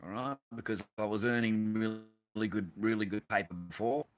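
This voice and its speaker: A man's voice: lowish voice, moderate pace, a little hiss or hum. An Australian man hosting a casual livestream, rambling and swearing bluntly as he answers his live chat. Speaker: livestream host.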